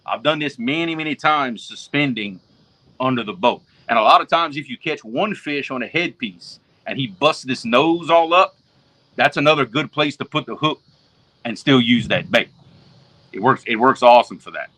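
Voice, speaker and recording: A man's voice: mid-range voice, animated, normal speed, sharp tone. A man from Louisiana with a Southern accent, hosting a casual fishing livestream and talking viewers through each step in a folksy way. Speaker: fishing show host.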